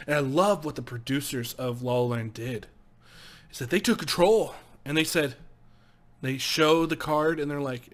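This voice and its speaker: A young man giving casual movie commentary in a vlog, excitable and swearing freely, laughing often. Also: a little high, moderate pace. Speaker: movie vlogger.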